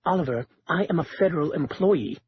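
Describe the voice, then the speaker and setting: A man voicing a nervous, fussy male librarian who protests in a high-strung way. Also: expressive, brisk. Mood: alarmed protest. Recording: dull lo-fi with faint hiss.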